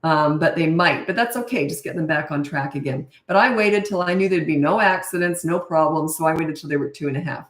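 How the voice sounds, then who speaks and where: A middle-aged woman who works as a parenting coach answers viewer questions during a live Q&A. Her deep voice moves a little fast with hardly any pauses, and she speaks bluntly and frankly in a chatty way, often restarting sentences. She's recorded from a distance, off-mic in an echoey room.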